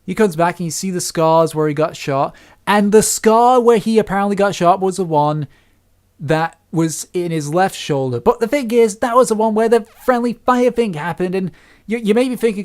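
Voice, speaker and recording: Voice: medium pitch, animated, moderate pace, darkish tone. Rambling casual film reviewer. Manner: rambling, many restarts, complaining.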